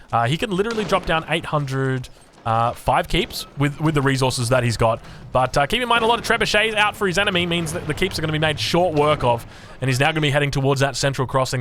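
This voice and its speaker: Fast-talking Australian game caster. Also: male voice, a little high, slight background noise. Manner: excitable, rambling, with chatty asides. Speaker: game commentator. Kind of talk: casual live strategy game commentary.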